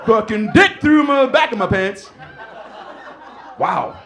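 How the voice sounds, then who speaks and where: A man's voice: high voice, expressive, slow, vocal fry, fairly bright tone, roomy sound, a little hiss or hum. A man doing stand-up crowd work, teasing an audience member in profane, incredulous language. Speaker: stand-up comedian. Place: comedy club stage.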